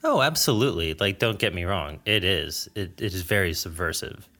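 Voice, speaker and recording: American male interviewer; very low, nasal voice, friendly and upbeat. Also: lively intonation, moderate pace, pushed and bright. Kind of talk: casual interview conversation.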